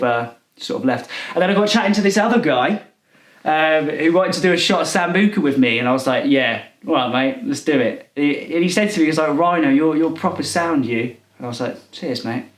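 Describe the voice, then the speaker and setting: A man playing a clueless millennial partygoer who rambles and misuses slang in a deadpan comedy monologue. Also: a little high, brisk, roomy sound, close to an everyday voice. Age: 20s. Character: clueless self-styled cool male millennial partygoer. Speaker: comedy character.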